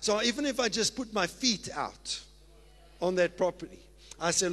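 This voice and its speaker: A South African man, a pastor, preaching a sermon in an excited, emphatic way. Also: sits high, moderate pace. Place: church. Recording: long reverb of a church hall.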